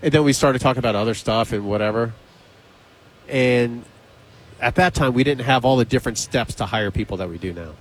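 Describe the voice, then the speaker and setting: A male radio host in casual on-air banter, spinning a backstage yarn. He slips into a higher voice for the people he quotes, with a mid-pitched, ordinary tone. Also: brisk, low-quality recording. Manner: animated storyteller, acts out quotes with raised pitch.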